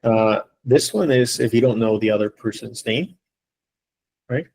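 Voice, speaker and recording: An unhurried man with a mid-range voice that's gravelly, husky, and darkish teaches an online English class. He takes students through the material patiently, step by step, and frequently checks in with them. The recording, made on a computer mic during a video call, is rough.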